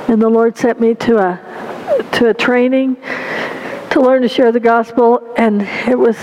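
A woman's voice: fairly high pitch, darkish tone, highs cut off, slight background noise. A woman giving a heartfelt testimony and sermon story, earnest and full of "you know".

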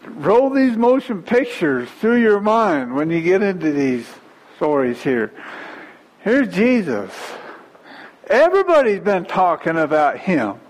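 A man preacher delivering a sermon, retelling a scripture story with animated, drawn-out emphasis. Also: high voice, low-quality recording.

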